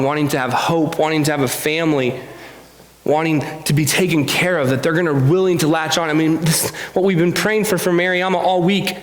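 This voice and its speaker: Earnest preacher, man, in an echoey church. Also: on the high side. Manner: earnest, confessional, frequent restarts. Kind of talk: conversational sermon.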